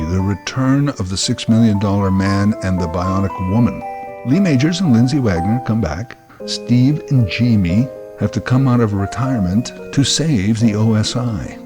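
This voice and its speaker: A man hosting a podcast, telling a comic story in a wry, sarcastic way and making his own sound effects. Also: lowish voice. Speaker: podcast host. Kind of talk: scripted comic monologue.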